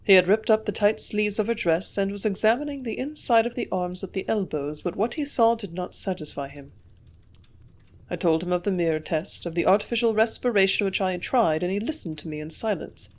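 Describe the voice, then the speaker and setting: A woman reading a classic novel aloud as an audiobook narrator. Her delivery is measured and clear, at an ordinary middle pitch.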